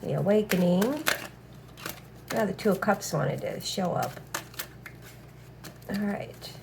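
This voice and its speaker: A woman with a mid-range, creaky voice reads tarot slowly while background noise plays. Her reading is casual and blunt, full of swearing and repeated "all right"s.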